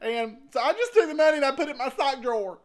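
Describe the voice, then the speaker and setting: A man's voice: very high-pitched, expressive, quick pace. A man playing a nervous, rambling servant who tells his tale in a comic skit. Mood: sheepish.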